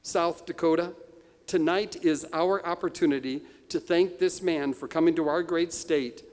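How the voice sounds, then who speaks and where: A man's voice: on the high side, a little mellow. A man acting as emcee, giving an earnest, ceremonial introduction of the evening's speaker at a banquet. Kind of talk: formal introduction. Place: banquet hall. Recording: reverberant banquet hall.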